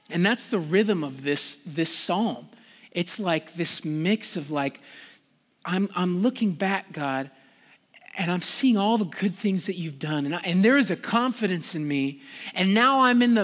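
High-voiced preacher in a reverberant hall. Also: male voice. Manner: casual, conversational preaching with frequent "like"; passionate, rising in pitch and volume when pleading. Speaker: pastor. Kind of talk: sermon. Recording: long reverb of a large hall.

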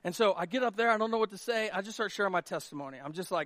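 Pastor guy preaching, kinda high voice, jokey and animated, dry sound. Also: very fast, no room sound. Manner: lively, self-mocking, acts out quotes. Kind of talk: sermon. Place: church worship hall.

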